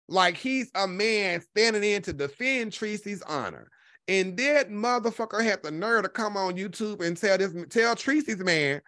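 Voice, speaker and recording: A man hosting a gossip commentary show, talking loudly and brashly with constant profanity. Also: sits high, a little slow, no echo, clean studio sound. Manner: loud, brash, heavily profane.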